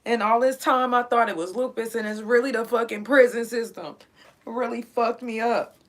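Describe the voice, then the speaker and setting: A woman's voice: on the high side, fairly even intonation, normal speed. A woman, host of her own show, telling a personal story in a blunt, profane way, in pain and close to tears. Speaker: podcast host. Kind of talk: personal story, casual monologue.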